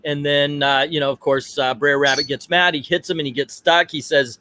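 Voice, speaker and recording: Middle-aged male streamer, a touch higher pitched, casual and digressive commentary. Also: fairly even intonation, normal speed, sharp tone. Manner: chatty and digressive, talks aside to family. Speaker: livestream host.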